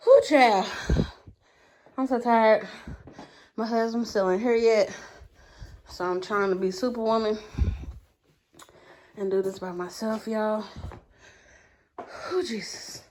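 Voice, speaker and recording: A woman's voice: fairly high pitch, steady tone, takes it slowly, long pauses, a little mellow, slight background noise. A woman vlogging in a casual, chatty way, laughing and sighing as she talks straight to her viewers. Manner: laid-back, often laughs and sighs between remarks. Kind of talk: casual vlog chat to camera.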